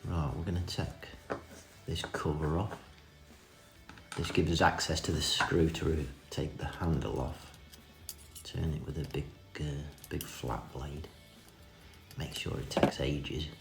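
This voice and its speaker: A man's voice: extremely low pitch, fairly even intonation, measured pace, creaky. A man giving a cheeky, self-mocking running commentary in a casual hands-on repair tutorial. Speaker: vintage reel restorer. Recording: echoey room with music behind.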